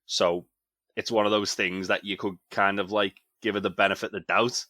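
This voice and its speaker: A man with a very low yet bright, forceful voice, talking through a TV episode in loose, filler-heavy analysis. The recording is dry and close, with no room around him. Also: level tone, normal speed, no echo. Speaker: podcast co-host. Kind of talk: casual review chat.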